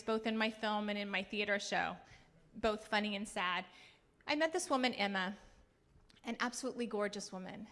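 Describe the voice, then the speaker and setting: With a mid-range, slightly bright voice, a middle-aged Kansas woman delivers a heartfelt acceptance speech. She shares stories earnestly, sprinkling in a bit of humor.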